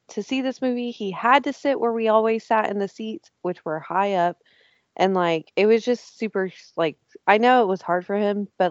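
Animated, swearing woman telling a story. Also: lowish voice, no echo, lo-fi sound. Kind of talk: casual chat.

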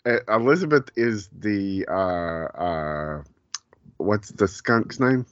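A man's voice: lowish voice, animated, takes it slowly, no room sound, dull audio. A man hosting a podcast, chatting casually, rambling with lots of fillers and frequent laughs. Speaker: podcast host. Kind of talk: casual chat.

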